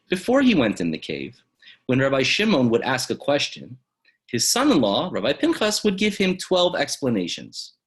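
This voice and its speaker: Husky, animated male rabbi storyteller. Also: low voice. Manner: dramatic, swings from loud to hushed. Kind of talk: Torah lesson storytelling.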